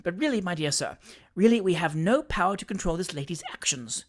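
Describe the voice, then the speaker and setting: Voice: mid-range voice, lively intonation, fairly quick, natural voice. A narrator voicing Perker, a fussy little attorney. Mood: coaxing. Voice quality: soothing, wheedling, keeps repeating "my dear sir". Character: bustling, fussy little male attorney, ingratiating. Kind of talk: audiobook character reading.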